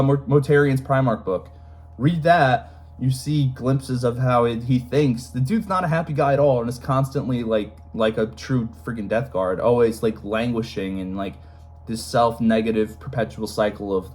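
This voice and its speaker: Animated young man ranting. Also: mid-range voice. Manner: animated, rambling, lots of fillers and sudden emphatic jumps. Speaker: lore video host. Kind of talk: casual lore rant.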